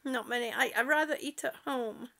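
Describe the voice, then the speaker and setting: A woman's voice: fairly high pitch, normal speed, gravelly, sharp tone. A woman at home chatting on a livestream, reading viewer comments aloud and laughing often. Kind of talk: casual livestream chat. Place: at home indoors.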